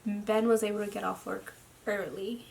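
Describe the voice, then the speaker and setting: A tired young woman speaking a personal video diary at home into her camera. She talks haltingly, with lots of "like," and often drops into a near whisper. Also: medium pitch, little pitch movement, creaky, a little hiss or hum. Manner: slow, halting, with frequent "like" fillers and soft, near-whispered stretches. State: tired and drained. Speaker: vlogger. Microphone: camera mic.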